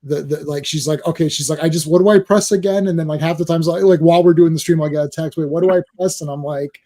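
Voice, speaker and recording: A man on a casual movie talk show, laughing often and wandering through his sentences with restarts. His voice is a touch high but mellow and warm. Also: little pitch movement, fast talker. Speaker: podcast co-host. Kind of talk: casual chat about films.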